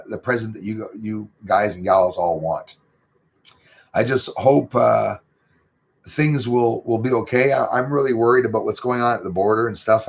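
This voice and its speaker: A man's voice: medium pitch, gravelly, husky. A middle-aged man, chatting casually and rambling with lots of fillers as host of his livestream. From Canada. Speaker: channel host reading live chat.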